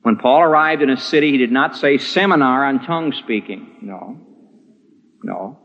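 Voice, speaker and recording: A male pastor preaching a sermon, emphatic, lifting his voice to stress points and then dropping low. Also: moderate pace. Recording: dull lo-fi recording with long hall reverb.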